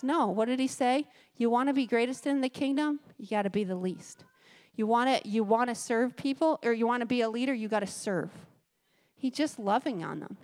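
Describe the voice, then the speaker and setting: A woman giving a conversational sermon, reading scripture aloud with chatty, joking asides. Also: a little high. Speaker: guest speaker at a church service. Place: church service.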